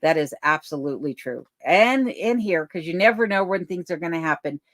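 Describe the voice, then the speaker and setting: A woman's voice: lowish voice, a little fast, no echo, clean studio sound. Casual woman hosting a chat livestream. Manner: relaxed, reads comments aloud and chats back. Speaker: livestream host reading chat comments. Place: home in remote Alaska. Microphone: desk microphone.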